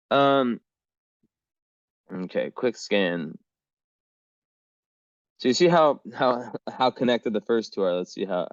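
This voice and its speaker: A man's voice: lowish voice, no room sound, lo-fi sound. A man reading astrology charts in a casual, rambling way, full of fillers and the odd swear word.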